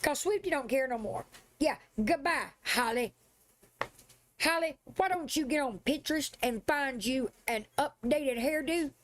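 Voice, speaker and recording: Streamer, woman, high voice, swearing, sassy, confrontational. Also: unhurried, a little hiss or hum. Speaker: live streamer. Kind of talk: angry livestream rant.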